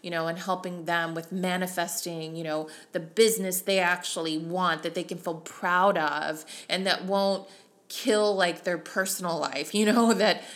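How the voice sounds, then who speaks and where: A woman's voice: fairly low pitch, fairly even intonation, measured pace, fairly bright tone. A middle-aged woman, a mindset coach, talking earnestly and emotionally about self-talk in a motivational solo talk. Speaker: mindset coach for real estate agents.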